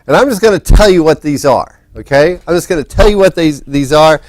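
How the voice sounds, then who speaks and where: A man's voice: on the high side, lively intonation, a little fast, dry recording. A man lecturing a physics class in a casual, rambling way, often restarting his sentences. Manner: rambling, restarts often, talks while setting up. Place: lecture hall.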